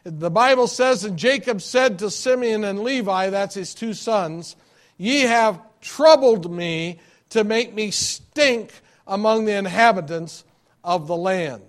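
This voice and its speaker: A man's voice: high voice, slow. A man preaching a sermon, stressing key words by repeating them and dropping to an earnest tone in prayer, speaking into a microphone he wears. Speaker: pastor. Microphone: wearing a microphone.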